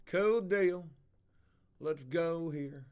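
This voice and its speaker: Fairly high-voiced male vlogger, swears freely, tells it animated and casual. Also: extremely slow, clear, resonant tone. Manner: profane, animated storytelling. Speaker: house flipper vlogger. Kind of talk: casual livestream chat.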